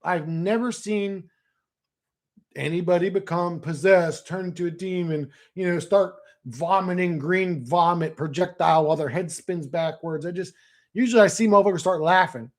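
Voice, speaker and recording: Crude rambling man, fairly high voice. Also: moderate pace. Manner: rambling, crude, slangy, mocking impressions. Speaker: streamer answering chat. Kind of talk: profane casual livestream rant.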